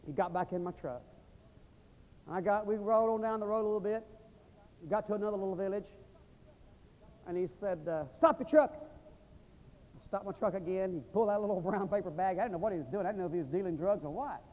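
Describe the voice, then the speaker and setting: High-voiced preacher in a reverberant hall. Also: male voice, fast talker, lo-fi sound. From United States. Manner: emphatic, swings from loud to hushed. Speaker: visiting missionary preacher. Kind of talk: sermon with storytelling and prayer. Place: seminary chapel. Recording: long reverb of a large hall.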